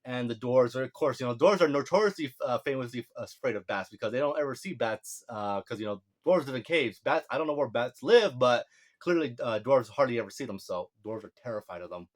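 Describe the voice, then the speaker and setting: A man recapping a show episode in casual, sarcastic speech, mocking the plot and quoting characters in quick offhand voices. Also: medium pitch, animated. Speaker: video reviewer.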